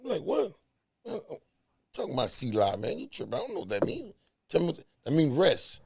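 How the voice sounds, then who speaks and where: A man's voice: a little high, huge pitch swings, fairly quick, creaky, a little mellow, husky. A man in a casual heart-to-heart talk, emphatic and preachy, repeating words to drive points home.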